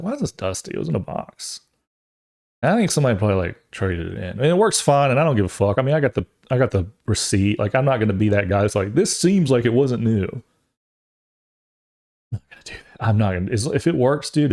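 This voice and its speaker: A man's voice: fairly low pitch, creaky, a little mellow. A man in his thirties, a podcast host, telling a long rambling story in a casual way and acting out the voices of other people as he goes.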